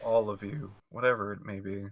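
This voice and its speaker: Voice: low-pitched, fairly even intonation, a little fast, a little hiss or hum. A player in a tabletop game speaking hesitantly, stumbling and restarting. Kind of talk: playing a character in a tabletop game.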